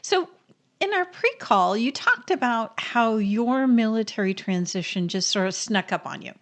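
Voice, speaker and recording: Higher-voiced woman host asking questions. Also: animated, moderate pace. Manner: reflective, asks follow-up questions. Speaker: podcast host. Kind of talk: casual interview.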